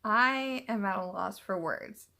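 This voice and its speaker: A woman reacting to a TV episode in casual commentary, swearing often and breaking into loud frightened outbursts. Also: mid-range voice, takes it slowly, vocal fry. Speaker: reaction video host.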